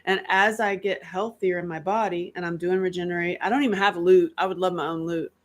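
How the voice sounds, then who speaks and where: Chatty, candid woman with a lowish voice. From North Carolina. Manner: animated, candid, laughs often, quick asides. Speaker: host. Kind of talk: casual live-stream chat.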